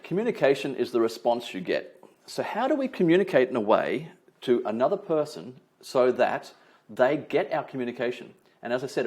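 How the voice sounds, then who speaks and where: This lively webinar features a man trainer with a mid-range voice on a video call. He relies on emphasis and frequent tags like "right?".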